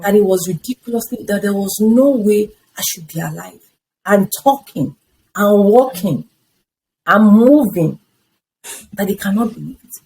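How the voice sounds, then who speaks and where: A woman's voice: mid-range voice, measured pace, gravelly, slight background noise, rough recording. A woman in her fifties telling her personal story in an interview, acting out the conversations she had along the way. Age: 50s. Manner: animated storytelling that acts out past conversations. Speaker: interview guest.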